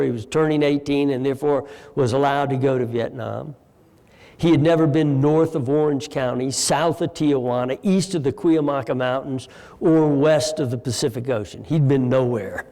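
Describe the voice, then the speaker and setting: An older man in his sixties speaks in a gravelly, dark tone, telling stories slowly and with feeling. His voice carries into a big lecture hall with long reverb. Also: a little high. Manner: measured, heartfelt storytelling with pauses. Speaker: retired general giving a guest talk. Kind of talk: storytelling lecture to an audience.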